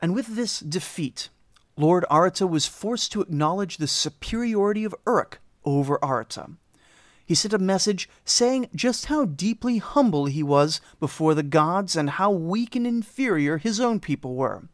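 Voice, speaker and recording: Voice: medium pitch, lively intonation, normal speed, no echo. Wry history storyteller, dry close sound. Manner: wry, dry humor with casual asides. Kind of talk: scripted storytelling narration.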